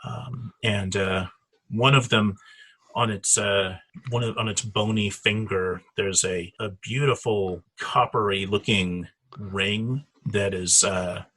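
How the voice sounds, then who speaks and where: A man running a tabletop game as dungeon master, easygoing and halting, laughing often. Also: on the low side, fairly even intonation, a bit bright, breathy edge.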